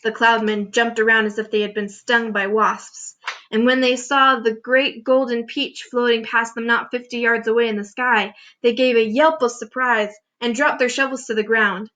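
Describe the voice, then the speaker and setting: A woman teacher reading a children's chapter book aloud with expressive storytelling. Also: fairly high pitch, normal speed. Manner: expressive storytelling, showing pictures.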